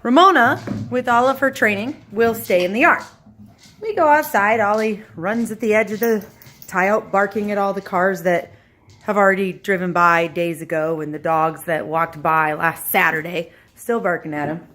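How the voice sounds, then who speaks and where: A woman telling a story to her camera at home, animated, acting out voices and sound effects. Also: medium pitch, normal speed.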